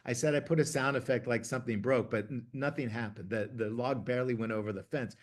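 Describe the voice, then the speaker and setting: A middle-aged man from Ohio, a TV producer, telling stories in a casual, chatty way, full of fillers and restarts, getting lively when he quotes others. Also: mid-range voice, a little fast, hardly any pauses. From Ohio, USA. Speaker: TV producer interviewee. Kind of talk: casual anecdotal storytelling.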